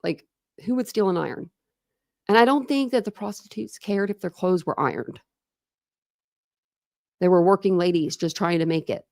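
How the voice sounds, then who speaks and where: A woman's voice: lowish voice, moderate pace, creaky, long pauses, no room sound, clean studio sound. Chatty woman live-streaming true crime. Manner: chatty, animated, reacting to viewer comments. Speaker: true crime channel host. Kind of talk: casual live-stream chat.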